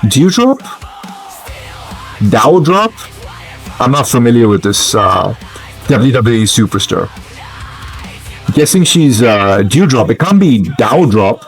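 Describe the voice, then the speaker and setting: A man narrating his gameplay in a casual, wandering way, pausing often with ums and uhs. His voice is mid-pitched, with faint game music underneath. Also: lively intonation. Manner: hesitant, musing, many fillers. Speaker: gamer commentator.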